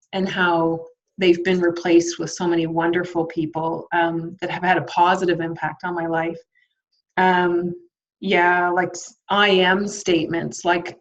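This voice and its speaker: A woman guest in an interview, speaking reflectively about self-care, with many ums and likes. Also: lowish voice. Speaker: guest, nurse. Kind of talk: conversational interview. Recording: dull lo-fi sound.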